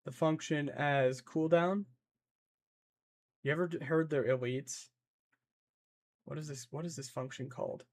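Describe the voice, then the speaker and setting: A young man on a live stream who muses aloud as he builds something and keeps breaking off to answer his chat. He has a slightly higher voice and takes his time, drawling through his thoughts in a loose, joking ramble. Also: measured pace. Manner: rambling, playful, reads chat aloud and thinks out loud.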